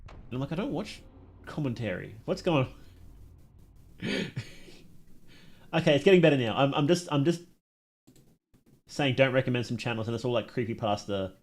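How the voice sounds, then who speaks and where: A man's voice: medium pitch, a little mellow. Chatty Australian man streaming. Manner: chatty, laughs often, reads chat aloud. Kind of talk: casual live stream chat.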